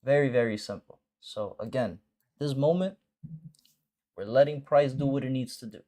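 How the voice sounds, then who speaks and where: On his live stream, a forex trading mentor walks viewers through a session in casual commentary. His voice is middling in pitch and dark in tone, at a moderate pace. Blunt and peppered with slang and swearing, his talk leans on short phrases said over and over.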